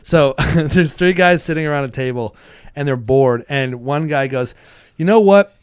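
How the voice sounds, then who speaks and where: A man co-hosting a podcast, chatting casually and telling jokes with lively, animated delivery. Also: mid-range voice, moderate pace, clean tone. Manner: animated storyteller, drops his voice for joke characters. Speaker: podcast co-host.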